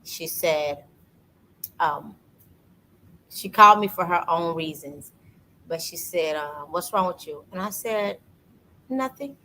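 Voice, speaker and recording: Woman chatting about faith, animated storyteller, bit of background noise. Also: deep voice, slow pace, pauses often, rough recording. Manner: animated storytelling, acts out quoted voices. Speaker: podcast host. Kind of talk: casual faith testimony chat.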